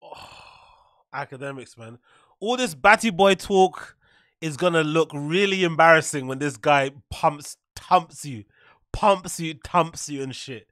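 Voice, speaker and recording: A man's voice: on the high side, slow, a bit bright, no room sound, clean studio sound. A man hosting a podcast, reacting to clips with incredulous, mocking commentary and frequent laughter. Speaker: podcast host.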